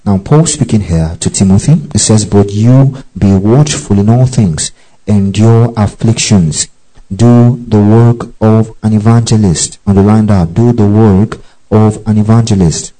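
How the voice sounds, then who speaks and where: A man's voice: lowish voice, measured pace, warm tone, rough recording. A man teaching from the Bible as a preacher, often checking in with his listeners and repeating key phrases.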